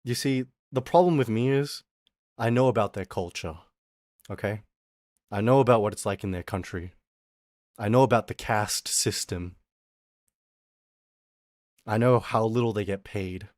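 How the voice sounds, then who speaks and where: A man's voice: lowish voice, unhurried, long pauses, no echo, clean studio sound. Profane man ranting on stream. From Australia. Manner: animated, profane, storytelling. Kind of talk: casual ranting livestream chat.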